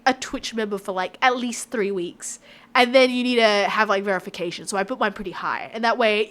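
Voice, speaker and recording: A woman's voice: on the high side, bright, forceful tone. A woman with an Australian accent chatting casually with her live-stream viewers, rambling and reacting to chat.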